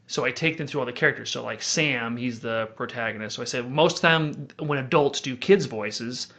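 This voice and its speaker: A man hosting a relaxed podcast conversation, his voice gravelly with a rough edge. He tells stories animatedly and jumps into character voices to show what he means. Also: mid-range voice, fairly quick. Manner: animated storytelling, demonstrating voices. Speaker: podcast host and audiobook author. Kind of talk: casual chat.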